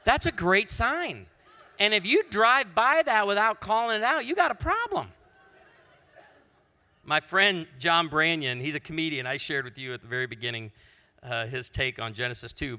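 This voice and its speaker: A man speaks from the stage as a pastor, telling funny stories with quick asides. His voice is bright and sits a little high. It carries a long reverb from a large hall. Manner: storytelling with comic asides. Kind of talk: humorous conference talk.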